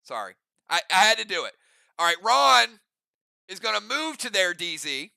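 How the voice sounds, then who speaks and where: High, bright-voiced male game master. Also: big pitch swings, normal speed, creaky, clean tone, no room sound. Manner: casual, chatty, rambling asides. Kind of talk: narrating an online role-play game.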